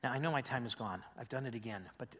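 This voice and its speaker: A man's voice: medium pitch, fast, fairly bright tone, slightly rough. A man preaching a sermon in a conversational, emphatic way, repeating phrases for stress.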